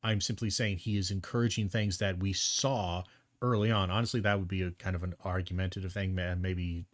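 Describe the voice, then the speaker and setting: A man's voice: sits low, level tone, a little fast, dry recording, clean studio sound. Indignant, blunt male streamer. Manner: indignant, blunt, swears freely. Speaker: streamer reacting to a debate clip. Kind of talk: heated commentary.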